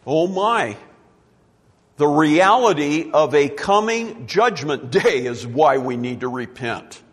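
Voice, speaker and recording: A man's voice: on the high side, animated, slow, breathy edge, long reverb tail. A man preaching a sermon, emphatic and repeating his key words for effect.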